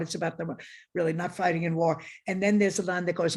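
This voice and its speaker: A woman's voice: on the low side, level tone, fast, a little mellow, husky. A woman guest critic in a conversational academic discussion, frank and digressive, often correcting herself as she talks over a video call.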